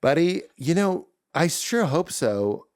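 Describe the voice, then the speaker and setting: A man's voice: on the high side, slow pace, clean tone, no echo, studio quality. A man, a comedian guest on a podcast, talking at length in casual chat and acting out his bits in voices. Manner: animated, acts out bits in character voices.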